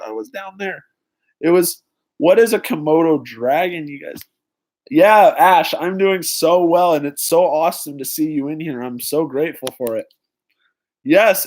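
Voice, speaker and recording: A young man hosting a live-stream trivia night, excitedly greeting viewers in the chat by name. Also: on the high side. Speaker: livestream host.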